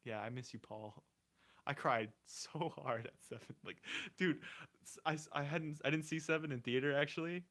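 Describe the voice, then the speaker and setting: A man's voice: on the high side, moderate pace, a bit bright. A young man co-hosting a casual movie review podcast, rambling and emotional, laughing often as he talks. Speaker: podcast co-host.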